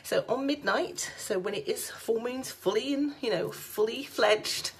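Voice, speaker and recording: A woman's voice: on the high side, measured pace, husky. A woman, a psychic card reader, chatting on a casual live stream from home, laughing often and talking straight to her viewers.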